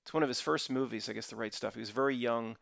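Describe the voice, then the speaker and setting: A man's voice: medium pitch, fast talker, gravelly, fairly bright tone, no echo. A man hosting his own channel, talking in a rambling solo monologue full of restarts and asides to his viewers. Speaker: channel host. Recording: dull lo-fi dry recording.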